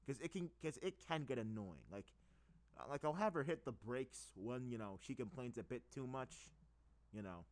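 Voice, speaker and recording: A man's voice: medium pitch, expressive, normal speed, a little mellow. Rambling young man full of fillers. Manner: hesitant, many fillers and restarts, goes off on tangents. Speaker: video creator explaining fan project plans. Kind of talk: casual rambling talk.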